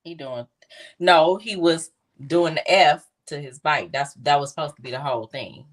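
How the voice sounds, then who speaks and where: A woman's voice: sits low, normal speed. A woman co-hosting a live podcast, talking sassy and emphatic in casual banter. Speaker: co-host.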